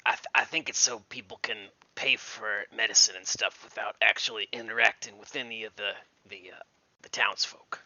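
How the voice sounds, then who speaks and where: A man's voice: lowish voice, steady tone, brisk, vocal fry, bright, forceful tone, no room sound, lo-fi sound. A man playing a tabletop game, tentatively explaining what he believes. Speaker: player. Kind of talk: casual tabletop game chat.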